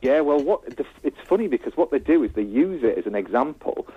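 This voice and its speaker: A man telling stories in a casual interview, animated and chatty, laughing often. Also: mid-range voice, a little fast, slightly rough, no room sound, narrow, tinny audio. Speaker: guest, TV presenter.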